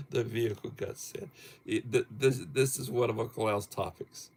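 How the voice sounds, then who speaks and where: Reading viewers' topics out loud with slow, chuckling delivery, this middle-aged man hosts a relaxed livestream. He speaks in a steady, mid-range voice.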